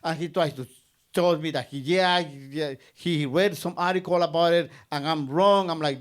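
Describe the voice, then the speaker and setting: A man's voice: a little high, moderate pace. A man from Guatemala, telling a personal story on stage and acting out both sides of a conversation.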